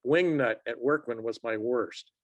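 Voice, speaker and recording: A man's voice: medium pitch, a little slow, no room sound. A man in his sixties, a sports officials assignor, telling stories as a guest in a casual interview and acting out quotes in a raised voice. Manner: lively storyteller who acts out quotes in a raised voice.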